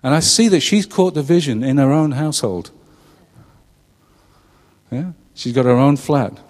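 A man's voice: a little high, measured pace, darkish tone, long reverb tail. A middle-aged man preaching a conversational sermon, often turning questions to his listeners. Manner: chatty, asks the congregation questions, laughs at his own jokes. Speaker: pastor. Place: church.

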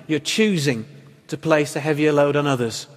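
A pastor preaches a sermon in a church hall, earnest and emphatic, posing rhetorical questions. His voice is a little high and moves at normal speed, and a long hall reverb trails behind it.

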